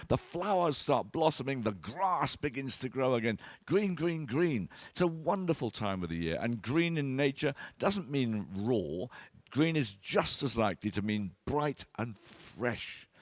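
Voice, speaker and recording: A man's voice: medium pitch, no room sound. An older man, giving an enthusiastic, anecdotal talk as a wine expert. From Britain. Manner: enthusiastic storyteller, animated, acts out voices.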